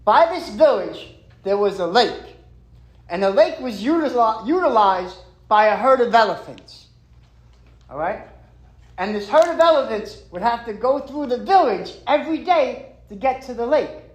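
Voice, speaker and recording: A man's voice: extremely high pitch, lively intonation, moderate pace, roomy sound, rough recording. A man sharing at a recovery meeting from a stage. He is emphatic and streetwise, and he keeps dropping "man" and "right".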